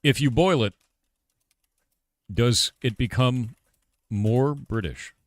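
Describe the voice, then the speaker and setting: A middle-aged American man, a game developer who streams, speaks slowly in a medium pitch while live-streaming. He riffs and jokes with his chat in loose banter, and the sound is clean studio audio with no echo.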